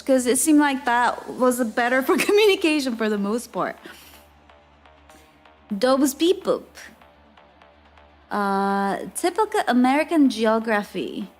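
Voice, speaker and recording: Woman, streamer, high voice, chatty, laughs a lot, casual storytelling, faint background music. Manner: chatty, laughs often, lots of "like" fillers.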